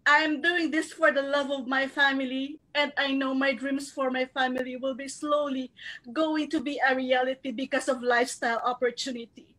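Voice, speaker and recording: A woman from the Philippines speaks in a high, bright register. She gives an earnest, heartfelt testimonial at a recognition event, working to keep her tears back as she speaks. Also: little pitch movement, normal speed, rough recording. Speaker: marketing director giving a recognition speech. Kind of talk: emotional testimonial speech.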